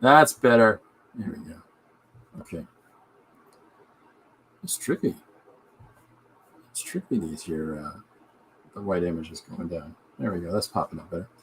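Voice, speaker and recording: A man's voice: sits low, animated, unhurried, long pauses, fairly bright tone, a little hiss or hum. A man hosting his own podcast, chatting casually and jokily while he draws a comic. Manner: rambling, jokey asides. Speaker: podcast host and comic artist. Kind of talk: casual chat while drawing.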